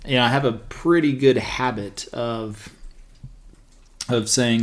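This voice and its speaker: A man's voice: mid-range voice, fairly even intonation, moderate pace. A man hosting a podcast, telling a rambling story in a casual way, with lots of fillers and restarts. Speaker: podcast host and real estate agent.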